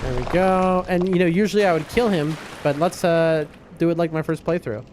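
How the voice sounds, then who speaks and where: A man's voice: fairly high pitch, fairly quick, background noise. Joking man streaming a game. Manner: joking, playful, talks back to the game. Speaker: livestream gamer host. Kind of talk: casual gaming stream commentary.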